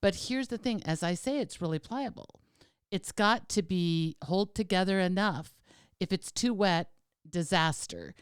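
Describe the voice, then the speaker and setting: A woman co-hosting a podcast in casual chat, lively, explaining things step by step with many tag questions. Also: fairly low pitch, unhurried, smooth, no echo, studio quality. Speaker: podcast co-host.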